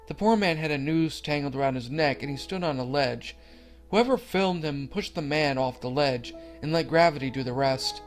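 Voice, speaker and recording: A man narrating a creepy horror story in an earnest, slightly stumbling reading. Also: fairly high pitch.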